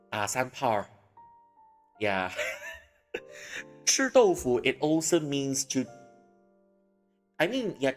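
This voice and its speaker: Chatty male streamer with a long reverb tail. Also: mid-range voice. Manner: chatty, laughs often, trails off mid-sentence. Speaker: livestreamer reading and translating a novel. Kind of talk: casual livestream chat.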